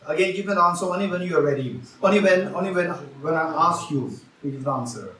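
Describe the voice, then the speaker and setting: Speaking fast in a high, slightly bright voice, a man leads an interactive Buddhist teaching, putting questions to his audience and repeating key phrases. The retreat teaching hall sounds roomy, captured from a distance with slight background noise.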